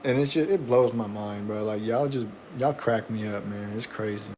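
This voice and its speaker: A man's voice: lowish voice, moderate pace, darkish tone, a little hiss or hum. A man who is a guest on a livestream, lecturing in a slangy, preachy way with some rhyming lines. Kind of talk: casual livestream talk.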